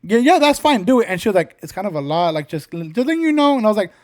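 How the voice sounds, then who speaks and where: High-pitched young man telling rambling stories. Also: very animated, fast talker, darkish tone. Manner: rambling storyteller, swears often, acts out quotes. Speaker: podcast co-host. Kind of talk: casual podcast chat.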